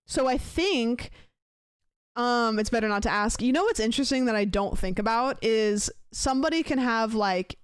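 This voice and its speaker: A woman's voice: a little high, expressive, moderate pace, clean tone, no echo, clean studio sound. A young woman streaming, telling a long story in casual chat and acting out both sides of a phone call. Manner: rambling storyteller, acts out both sides of a conversation.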